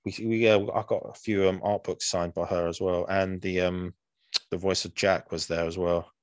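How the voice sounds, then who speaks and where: A young man with a very low voice chats on a podcast. He rambles and restarts often, filling gaps with ums. The sound is dry and close. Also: level tone, moderate pace, dry recording. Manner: rambling, many fillers and restarts. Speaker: podcast co-host. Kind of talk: casual chat.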